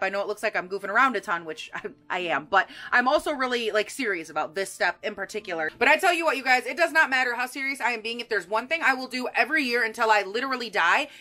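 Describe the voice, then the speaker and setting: Speaking with a fairly high pitch and a sharp tone, this vlogger is a woman in her twenties making a laid-back baking video at home. A camera set on her kitchen counter picks up her goofy, bubbly chatter to viewers, sprinkled with sing-song asides.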